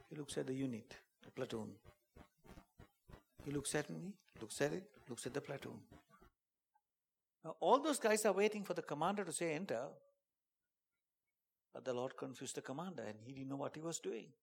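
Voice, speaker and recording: A man preaching a sermon and telling a dramatic testimony, dropping to a hush and then rising to shouts. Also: a little high, lively intonation, normal speed, gravelly, pauses often. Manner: dramatic storytelling, swings from hushed to shouting; preaching with emphatic call-outs.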